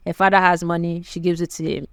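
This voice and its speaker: Animated woman telling a true story. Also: lowish voice, fast talker, creaky, a little hiss or hum. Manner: animated, conversational, addresses listeners directly. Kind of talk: casual story narration.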